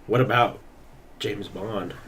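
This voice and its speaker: A man's voice: on the low side, fairly even intonation, takes it slowly, fairly bright tone, a little hiss or hum. A man co-hosting a casual gaming podcast, laid-back, laughing often and swearing casually. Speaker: podcast co-host. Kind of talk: casual chat. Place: home streaming setup.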